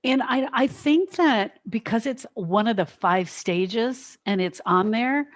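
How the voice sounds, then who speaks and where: A middle-aged woman co-hosts a podcast and works as a grief specialist, reflecting and thinking aloud in casual conversation. Her voice is on the high side and she speaks slowly.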